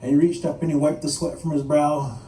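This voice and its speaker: A man telling a traditional animal tale in an animated, playful way to a live audience. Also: a little high, fairly quick, noisy background. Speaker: storyteller. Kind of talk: live oral storytelling. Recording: echoey room, mic at a distance.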